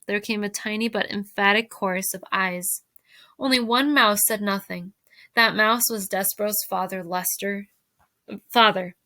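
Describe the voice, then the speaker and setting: A woman teacher reading a novel aloud to her fifth-grade class, expressive and speaking directly to her listeners. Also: mid-range voice, no echo.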